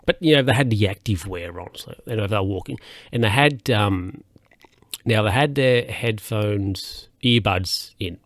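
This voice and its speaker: A man's voice: fairly low pitch, moderate pace, no room sound, studio quality. A man hosting a solo podcast, telling stories in a rambling, hesitant way with lots of fillers and restarts. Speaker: podcast host.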